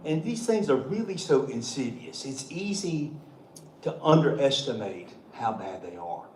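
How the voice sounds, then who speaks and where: A man's voice: mid-range voice, big pitch swings, measured pace, darkish tone. A middle-aged man, a state treasurer telling joking, folksy stories to a meeting. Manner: folksy, joking, chuckling often. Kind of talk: storytelling speech at a meeting. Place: meeting hall. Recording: echoey room, faint background noise.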